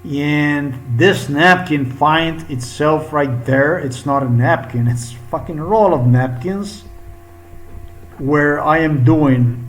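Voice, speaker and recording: A man's voice: a little high, low-quality recording. A man, an English speaker, talking upset and profane in a rambling vlog monologue. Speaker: vlogger. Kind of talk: agitated monologue.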